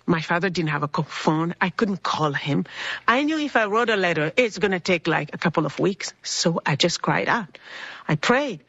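Husky-voiced woman telling her story. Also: on the low side, animated, moderate pace, a bit bright, no echo, muffled recording. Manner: earnest, acts out quoted people in her story. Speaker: speaker sharing a personal faith testimony. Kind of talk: personal storytelling.

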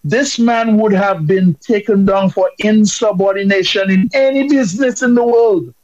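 A man's voice: high voice, normal speed, darkish tone, no room sound, lo-fi sound. A man from Dominica calling in with impassioned, emphatic political commentary.

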